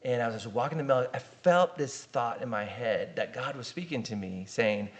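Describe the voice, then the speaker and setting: A middle-aged man, a pastor and guest, telling lively stories in casual podcast conversation and acting out the quotes. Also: medium pitch, normal speed, few pauses. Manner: animated storyteller, acts out quotes.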